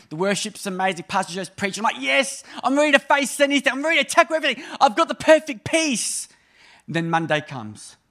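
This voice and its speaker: A man in his thirties delivering a sermon with a high, light voice. His manner is chatty and funny, swinging between emphatic bursts and hushed asides. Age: 30s. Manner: conversational and humorous, with sudden emphatic rises and soft drops. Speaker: preacher.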